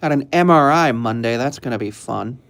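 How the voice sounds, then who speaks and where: A young man chatting casually on a live stream, rambling and laid-back, with frequent ums and soft chuckles. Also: mid-range voice, fairly quick, creaky.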